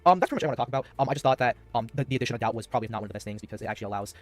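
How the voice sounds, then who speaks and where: Man, rapid rambling gameplay explainer, average pitch. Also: animated. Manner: rambling, restarts a lot. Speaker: game video creator.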